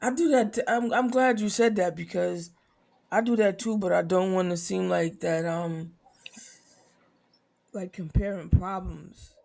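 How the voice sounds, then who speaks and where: Gentle, hesitant host with a gravelly voice. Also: male voice, high-pitched, fairly even intonation, measured pace. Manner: gentle, hesitant, repeats words while asking. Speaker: podcast host. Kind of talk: interview conversation.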